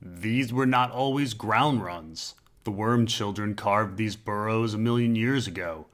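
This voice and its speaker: A man's voice: on the low side, a bit bright. A man reading a stern, grim knight. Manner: stern, measured.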